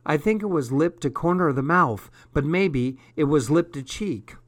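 A man's voice: fairly high pitch, expressive, moderate pace, close to an everyday voice. A man voicing a teenage schoolgirl friend who answers briefly and matter-of-factly. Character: teenage schoolgirl, narrator's best friend, agreeable. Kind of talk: audiobook character voice.

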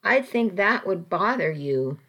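A woman's voice: mid-range voice, expressive, measured pace, lo-fi sound, heavily acted. A woman reading as a caring, stern aunt. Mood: concerned, stern. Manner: gentle but stern, pleading. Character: caring, firm middle-aged aunt. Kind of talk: audiobook reading.

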